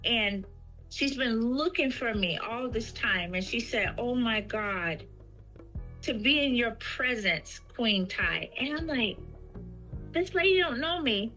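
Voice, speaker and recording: A woman's voice: a little high, lively intonation, takes it slowly, pushed and bright, soft background music, low-quality recording. A woman telling a personal spiritual story as a guest, acting out the voices of the people she quotes.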